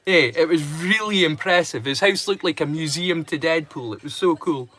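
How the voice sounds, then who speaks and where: A man's voice: fairly high pitch, moderate pace, fairly bright tone. A man from Europe, hosting a live watch-along stream and rambling casually to his viewers. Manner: rambling and chatty.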